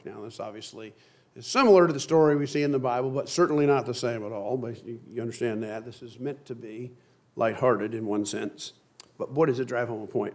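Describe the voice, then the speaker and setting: A pastor giving a sermon in a conversational, lightly humorous storytelling manner. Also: male voice, mid-range voice, a little fast.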